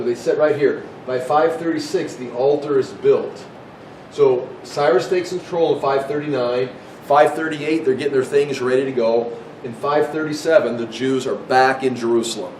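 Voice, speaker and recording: An American man giving a casual Bible history lecture, rambling with restarts and asides. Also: a little mellow. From United States. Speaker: Bible teacher. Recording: echoey room, mic far off, faint rumble.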